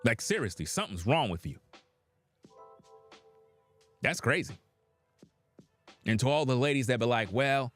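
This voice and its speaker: A man's voice: mid-range voice, sing-song, a little slow, pauses often, fairly bright tone, soft background music. Blunt, profane commentator man. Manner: blunt, profane, preachy, addresses viewers as guys. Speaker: reaction commentator. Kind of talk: opinionated commentary.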